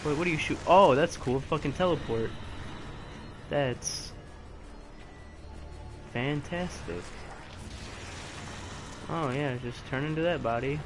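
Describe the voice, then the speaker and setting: A man's voice: fairly high pitch, slow, long pauses, music in the background. A man commentating a video game live, frustrated, swearing and taunting the enemies on screen. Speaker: let's play gamer.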